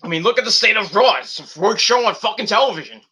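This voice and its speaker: A young man hosting a wrestling review channel, ranting hotly and swearing as he goes. His voice sits high and rings very bright and edgy. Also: lively intonation, fast talker, husky. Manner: profane, heated ranting.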